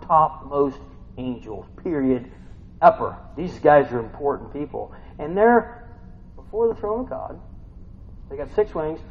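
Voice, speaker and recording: A man's voice: on the high side, creaky, narrow, tinny audio. A man preaching a sermon as pastor, folksy and exclamatory, often asking his listeners "huh?".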